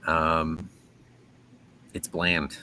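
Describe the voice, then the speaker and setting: A man's voice: extremely low pitch, monotone, drawn-out words, bright, forceful tone, a little hiss or hum, poor audio. A man in casual chat on a review show who speaks hesitantly and often restarts his sentences. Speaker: co-host.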